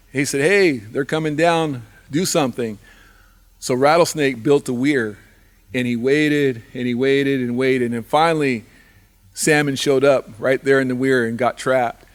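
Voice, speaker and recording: A man telling a traditional animal story live, in a repetitive rhythmic way with restarts. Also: medium pitch. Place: live fundraiser event.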